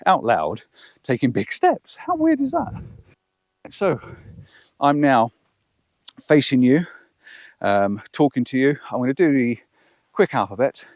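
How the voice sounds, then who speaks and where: A man's voice: medium pitch, sing-song, unhurried, pauses often, darkish tone, lo-fi sound. A man talking to the camera through a clip-on wireless mic while he walks a hillside field. His manner is chatty and self-mocking, and he sounds a little out of breath. The sound is dry, with no room echo. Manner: chatty, self-deprecating, counting aloud. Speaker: vlogger. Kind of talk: outdoor microphone range test vlog. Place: open hillside field with sheep, outdoors. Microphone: wireless lapel mic clipped on, far from camera.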